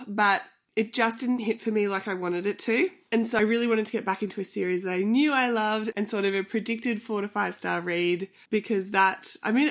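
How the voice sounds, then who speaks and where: A woman in her thirties who has a flu and sounds nasal, chatty and a little out of breath, rambling off on tangents as she hosts a book vlog. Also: medium pitch. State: short of breath from pregnancy. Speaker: book vlogger host. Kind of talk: casual chat.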